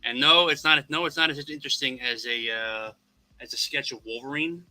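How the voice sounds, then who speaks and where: Pushed and bright, his mid-range voice runs a little fast on a rough recording. A man in Florida rambles through a long story on a casual podcast, profane and wry, restarting his sentences over and over.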